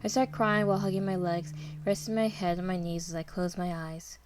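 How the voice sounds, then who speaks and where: A woman narrating a dark story in the first person, with a dramatic, tense and fearful delivery. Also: fairly low pitch, little pitch movement, a little fast. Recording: noisy background hiss.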